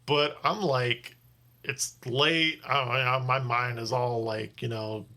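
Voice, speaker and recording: Tired man rambling, bright voice. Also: medium pitch, steady tone, takes it slowly. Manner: rambling, restarts sentences often. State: tired from little sleep. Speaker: rideshare driver. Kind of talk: casual vlog storytelling.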